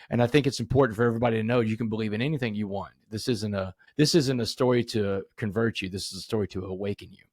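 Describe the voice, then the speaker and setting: A man's voice: fairly low pitch, no room sound, studio quality. A middle-aged man from Southeast Texas, a podcast guest telling a vivid personal story in earnest, full of quoted dialogue.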